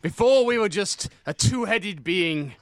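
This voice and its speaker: A man improvising a solemn male space hero who declaims slowly and grandly. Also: high voice, lively intonation, no room sound. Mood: awestruck. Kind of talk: improvised comedy scene.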